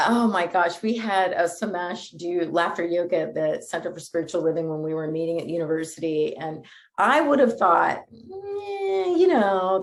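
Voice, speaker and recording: Woman minister giving a sermon, kinda low voice, chatty and laughing a lot. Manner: lively, conversational, laughs often.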